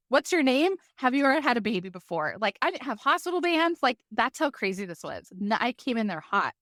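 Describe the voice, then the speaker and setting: Podcast guest, a woman, middle-pitched, close and dry mic, vivid and chatty storytelling. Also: no echo. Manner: lively, vivid retelling with many fillers like "like". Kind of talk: personal storytelling.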